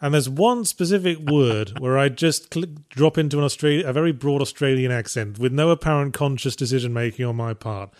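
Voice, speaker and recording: A middle-aged Englishman co-hosting a podcast, his accent a softened blend of regional English sounds. He speaks in a dry, wry, teasing way at a middle pitch. The recording is close and dry, with no room sound. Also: fairly quick, few pauses, no echo. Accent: mixed English, mellowed by years abroad. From England. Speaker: podcast co-host. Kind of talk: casual chat.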